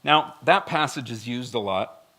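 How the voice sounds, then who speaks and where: A man's voice: mid-range voice, expressive, measured pace, bright, forceful tone. A male pastor preaching a sermon in a blunt, emphatic, conversational way, with frequent direct asides to the congregation.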